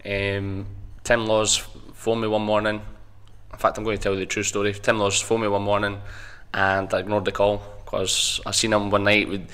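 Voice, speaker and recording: Bright-voiced Scottish man, chatty. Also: lowish voice, monotone, normal speed, clear, resonant tone. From Scotland. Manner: chatty, jokey storyteller. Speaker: singer and showman guest. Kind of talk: casual interview chat.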